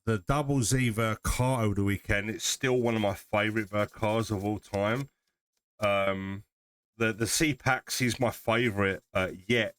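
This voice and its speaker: A man's voice: lowish voice, fairly bright tone, smooth, no echo. A man with a Southern English accent, chatting casually on a livestream while building a model kit, rambling and restarting his sentences. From southern England. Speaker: livestream host.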